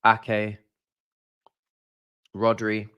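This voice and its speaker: A man's voice: lowish voice, completely flat delivery, drawn-out words, smooth, no echo, lo-fi sound. A man streaming a live watch-along, chatty and slangy, with casual commentary on the match. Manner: chatty, slangy, groans and repeats "no" when annoyed.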